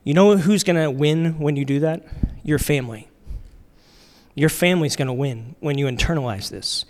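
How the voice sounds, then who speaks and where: A man's voice: on the high side, moderate pace, a little mellow. A man preaching a sermon as pastor, casual and conversational, with frequent fillers and restarts. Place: church sanctuary. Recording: long reverb of a large hall.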